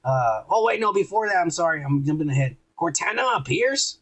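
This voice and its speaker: A man's voice: a little high, sing-song, brisk, vocal fry, fairly bright tone, a little hiss or hum, poor audio. A man co-hosting a podcast, recapping an episode in rambling, profane casual chat and acting out quotes. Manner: crude, rambling, acts out quotes. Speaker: podcast co-host.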